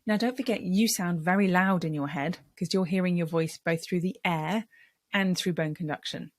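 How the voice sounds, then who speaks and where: Woman voice coach teaching speaking tips, low-ish voice, dry recording, steady explaining. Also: dry recording. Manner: clear, measured explanations with vocal demonstrations.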